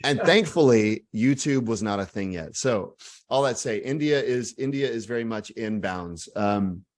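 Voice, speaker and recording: A man in his forties from Texas with a Texan accent, an author answering interview questions in animated, self-deprecating stories. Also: mid-range voice, moderate pace. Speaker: author guest.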